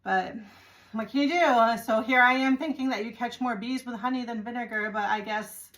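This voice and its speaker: A woman's voice: on the high side, moderate pace, fairly bright tone. A woman vlogger from the United States, chatting to the camera as she retells a travel mishap, exasperated and acting out the people involved. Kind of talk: casual storytelling to camera.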